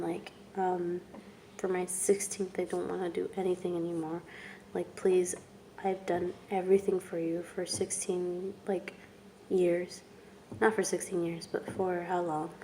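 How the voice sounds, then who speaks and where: A young woman telling her own story in a vlog, speaking softly and haltingly, with long pauses and words that trail off into whispers. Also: lowish voice, slight background noise. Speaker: vlogger. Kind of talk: personal testimony vlog.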